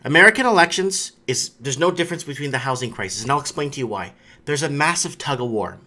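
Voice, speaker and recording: A man's voice: mid-range voice, lively intonation, quick pace, sharp tone. A man hosting a live stream, talking casually and rambling, with frequent restarts and fillers.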